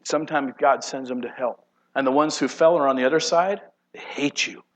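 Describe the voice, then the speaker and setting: A man preaching a sermon dramatically, shifting between loud outbursts and hushed, low passages. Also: a little fast, poor audio. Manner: dramatic, acts out voices of God and angels, swings from loud to hushed. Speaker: pastor.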